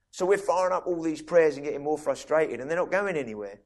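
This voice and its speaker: Chatty preacher with a higher voice. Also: male voice, animated, darkish tone. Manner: conversational, with many quick restarts and asides to listeners. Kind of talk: sermon.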